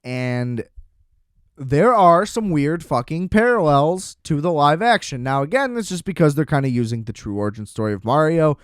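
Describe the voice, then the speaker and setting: A young man in his twenties talks through a film review on his podcast, loose and animated, swearing casually. His voice sits a little high and comes through smooth and clear. The recording is dry and close, with no room sound. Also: moderate pace, no room sound. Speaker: podcast host. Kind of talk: casual movie review monologue.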